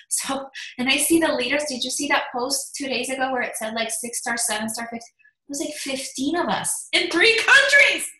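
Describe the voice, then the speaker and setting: A woman in her forties, a fitness business coach, giving an energetic motivational talk in emphatic bursts. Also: fairly high pitch. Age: 40s. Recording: echoey room.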